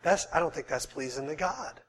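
A middle-aged male preacher with a high-pitched voice delivers a sermon. He talks emphatically and repeats key phrases to drive his points home. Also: animated, brisk, fairly bright tone, breathy edge.

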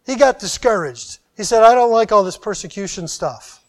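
A man preaching a sermon, animated, with loud emphatic phrases that drop into quiet, drawn-out endings. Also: high-pitched.

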